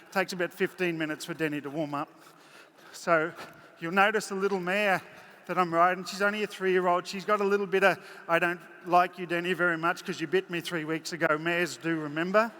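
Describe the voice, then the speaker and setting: A man's voice: a little high, pushed and bright. A man giving a live horse-training demonstration in a large arena, chatting folksily and doing playful voices for his horses. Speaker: horse clinician. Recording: echoey arena with faint crowd noise.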